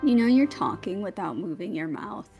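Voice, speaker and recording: A woman chatting casually and playfully while learning a game. Her voice is dark, gravelly and slow, with a lively, wandering pitch. Faint game music sits behind her. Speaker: spouse, new player. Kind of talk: casual gaming chat.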